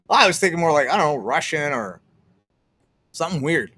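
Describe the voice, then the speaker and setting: A man's voice: a little high, animated, a little fast, long pauses, sharp tone, slightly rough. Rambling, profane young streamer man. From Canada. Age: young adult. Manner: rambling, profane, trails off and restarts. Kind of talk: casual livestream chat.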